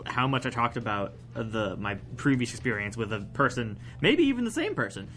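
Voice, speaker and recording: A man's voice: medium pitch, big pitch swings, brisk, a bit bright, slight background noise. A young man co-hosting a college radio show, chatting casually in a rambling, hesitant way full of fillers. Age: young adult. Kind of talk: casual chat.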